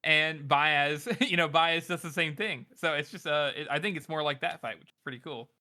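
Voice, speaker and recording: A man's voice: a little high, bright, forceful tone. A man co-hosting a podcast, eagerly laying out his take on a book in casual chat. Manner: eager, fast-running analysis. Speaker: podcast co-host.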